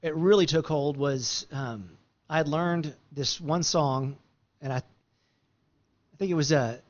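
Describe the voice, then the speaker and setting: A man's voice: on the high side, takes it slowly, muffled recording. A man telling a long story in a rambling, easygoing way, full of fillers and restarts. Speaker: guest musician. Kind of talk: casual storytelling.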